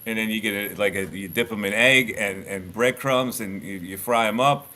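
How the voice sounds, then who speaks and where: In a laid-back podcast conversation, a middle-aged ex-sports radio host shares blunt stories in a lowish voice at a moderate pace. He tells them with animation, often breaking off and starting again.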